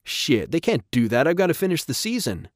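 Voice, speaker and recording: A man's voice: medium pitch, expressive, brisk, no echo, studio quality, natural voice. A man voicing a defensive teenage boy who protests in a raised, strained voice in an audiobook. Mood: upset protest.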